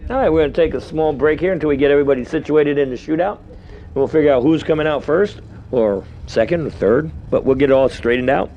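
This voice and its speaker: A New York-accented man calls drag race results at an outdoor strip, speaking fast in a voice on the high side. The audio is dull with a little hiss or hum, and he rambles chattily with asides between runs.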